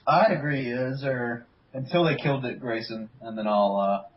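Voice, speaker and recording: A young man chatting casually over an online call, blunt and quick to swear. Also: mid-range voice, muffled recording, a little hiss or hum. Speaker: co-host. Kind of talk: casual chat.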